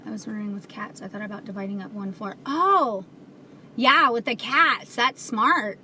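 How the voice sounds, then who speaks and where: A woman with a slightly high voice chats casually with viewers on a livestream. She speaks earnestly, with plenty of ums and likes. A faint hiss of noise sits behind her. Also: moderate pace, pushed and bright. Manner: earnest, chatty, many fillers. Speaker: livestream host selling CBD.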